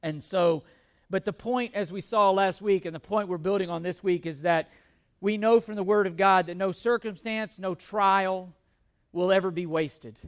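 Man, middle-aged, pastor, sermon, high-pitched voice, animated humorous storytelling. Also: normal speed.

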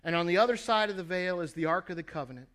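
A man's voice: sits high, animated, fast talker, a bit bright. A preacher voicing a patient male gatekeeper. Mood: explaining. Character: plain-spoken male gatekeeper, patient and apologetic.

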